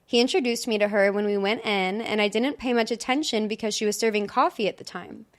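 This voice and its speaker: A woman's voice: mid-range voice, a little fast. A young woman co-hosting a casual podcast, reading stories aloud in a chatty way and laughing often. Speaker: podcast co-host.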